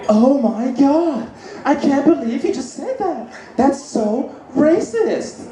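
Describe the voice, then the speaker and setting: A woman's voice: high-pitched, sing-song, slow, dark tone, pitched above the performer's own voice, heavily acted. A male comedian putting on the voice of an easily shocked, gushing middle-aged woman, in an echoey room with background noise. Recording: echoey room, noisy live crowd.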